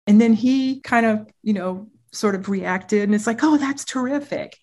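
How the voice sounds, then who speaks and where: On a podcast interview, a middle-aged woman therapist spins parenting stories with plenty of laughs, her storytelling animated. She speaks at a normal speed in a medium-pitched voice.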